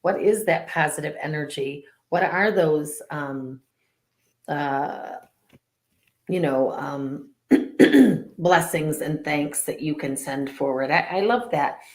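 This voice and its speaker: Lowish voiced lady rambling with lots of ums, echoey room. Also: slow, a little mellow. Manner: chatty, many fillers, laughs easily. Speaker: co-host. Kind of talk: casual spiritual chat.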